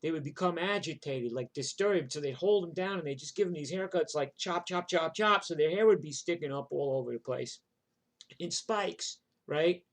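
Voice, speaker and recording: Older New man, slightly high voice, rambling profane storyteller. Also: moderate pace. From New York. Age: 60s. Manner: rambling and profane, full of "like" and "you know". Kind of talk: casual spoken memoir.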